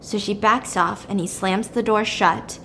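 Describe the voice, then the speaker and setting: A woman's voice: mid-range voice, fairly even intonation, measured pace, bright, forceful tone, a little hiss or hum. A woman recapping a story in a casual, chatty, blunt way, using "like" often.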